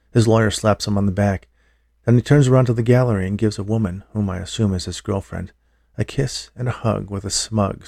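A man reading a first-person audiobook in a somber, measured way. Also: lowish voice, gravelly, warm tone, dry recording, clean studio sound. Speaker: audiobook narrator.

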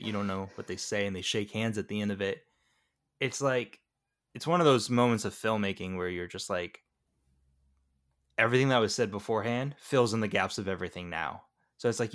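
Man, podcast co-host, casual film chat, rambling, enthusiastic. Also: lowish voice. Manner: rambling, enthusiastic, many "like"s and restarts. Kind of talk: casual movie review chat.

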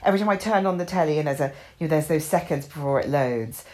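A woman's voice: deep voice, quick pace, darkish tone. A woman co-hosting a podcast in casual chat, wry and self-mocking, swearing now and then. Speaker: podcast co-host.

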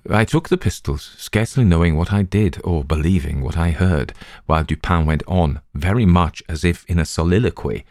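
A man narrating a classic story as an audiobook, in an even, steady storytelling manner. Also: sits low, normal speed, hardly any pauses, no echo, studio quality.

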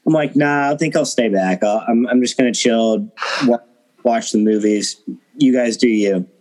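A man shares a story in a casual group chat with a middle-pitched voice. His delivery is relaxed and laid-back. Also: moderate pace, poor audio.

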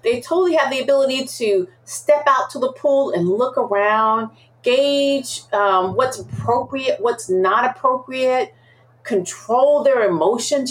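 A woman's voice: high voice, a little slow. A woman speaking as a guest expert on emotional intelligence in an interview, telling vivid stories and acting out examples. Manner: animated storyteller acting out examples. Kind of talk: interview conversation.

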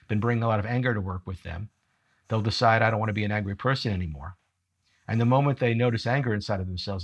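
A middle-aged man of medium pitch tells a story in an interview. He is animated and often chuckles at his own jokes. He speaks as a coach for leaders. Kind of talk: storytelling conversation.

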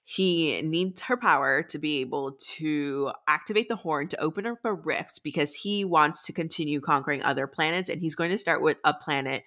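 A woman's voice: sits low, moderate pace, hardly any pauses, fairly bright tone. A woman co-hosting a book podcast, giving a chatty plot recap with filler words. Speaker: podcast co-host.

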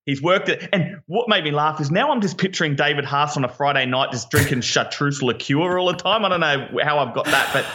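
A man with an Australian accent, co-hosting a casual podcast in an enthusiastic, excitable way. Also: fairly high pitch, fairly quick, hardly any pauses. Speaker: podcast co-host.

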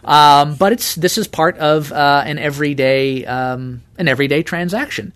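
A man's voice: fairly high pitch, a bit bright, smooth. Hesitant scholarly man explaining. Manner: hesitant, many fillers, measured. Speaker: scholar guest. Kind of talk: interview explanation.

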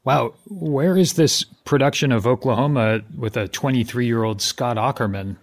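Understated, dry male co-host for a comedy podcast, mid-pitched voice. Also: normal speed, no room sound. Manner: dry, understated playful banter. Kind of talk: casual comedic chat.

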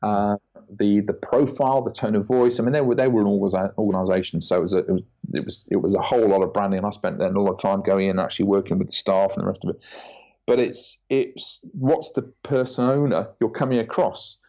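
Lively low-voiced man telling stories. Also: quick pace. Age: 40s. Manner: animated storyteller, acts out quoted voices. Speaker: podcast guest, branding consultant. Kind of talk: casual interview chat. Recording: dull lo-fi audio.

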